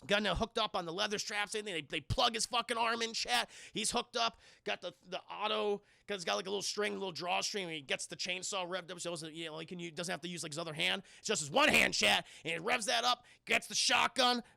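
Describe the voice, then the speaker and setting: Gravelly, excitable male streamer. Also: sits high, brisk, hardly any pauses, no echo, studio quality. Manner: excitable and profane, keeps addressing the chat. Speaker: film reviewer and streamer. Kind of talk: casual scene-by-scene film recap to a live chat.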